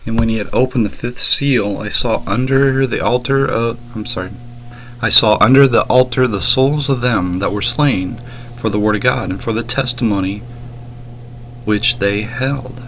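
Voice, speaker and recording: A man's voice: medium pitch, moderate pace, fairly bright tone, a little hiss or hum, poor audio. A man reading King James verses aloud and scornfully rebutting a preacher's clip. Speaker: commentator reacting to a sermon clip.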